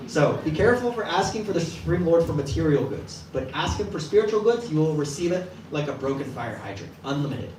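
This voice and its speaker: A man's voice: a little high, fairly quick, few pauses, slight background noise. A man giving a casual sermon to a live audience, telling a story and acting out the quoted voices of its people. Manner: lively, acts out quoted voices. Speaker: temple class speaker. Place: temple hall with live audience. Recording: echoey room from a distance, faint ambience.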